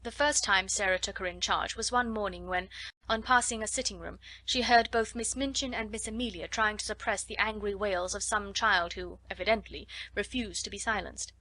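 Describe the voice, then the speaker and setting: A woman's voice: medium pitch, moderate pace, dry recording. Woman narrating a classic storybook. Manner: steady storytelling. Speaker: audiobook narrator. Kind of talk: scripted narration.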